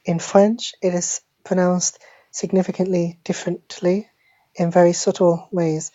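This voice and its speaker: A woman giving a deadpan parody language lesson, speaking slowly and deliberately and repeating each word like a teacher. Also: on the low side, no room sound. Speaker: mock French teacher. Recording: dull lo-fi phone screen recording.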